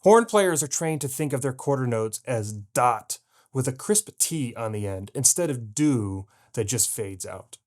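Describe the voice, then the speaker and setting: A man's voice: medium pitch, expressive, moderate pace, hardly any pauses, a little mellow. A man teaching a jazz piano lesson, explaining patiently and scatting rhythms aloud to show them. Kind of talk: video lesson.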